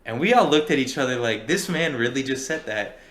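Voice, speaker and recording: A man's voice: mid-range voice, animated, brisk, a bit bright. Rambling young man telling a story. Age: early 20s. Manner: rambling, profane, acts out quotes. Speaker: podcast co-host. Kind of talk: casual storytelling chat.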